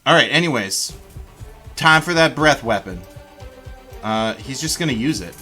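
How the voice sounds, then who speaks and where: A man narrating a livestreamed tabletop battle as game master, in an animated, chatty way, talking directly to his viewers. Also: mid-range voice, measured pace, soft background music.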